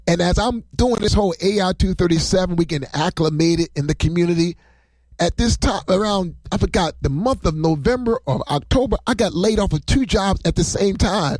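A man's voice: high-pitched, brisk, a little mellow, dry recording. A man preaching on a livestream as a pastor, rambling and emotional, often breaking into laughter.

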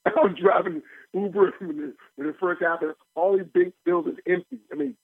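Male radio pastor, a bit high and raspy, animated folksy delivery, dry tinny phone sound. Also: a little fast, no room sound. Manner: animated, laughing, folksy preaching. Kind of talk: preaching radio sermon.

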